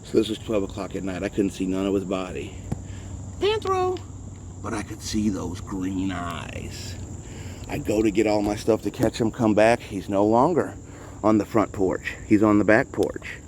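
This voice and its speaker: A man's voice: fairly low pitch, fairly even intonation, normal speed, darkish tone, a little hiss or hum. A man chatting casually and rambling as he films street cats outdoors on a handheld phone, a bit out of breath. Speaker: vlogger caring for street cats. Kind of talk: casual vlog narration.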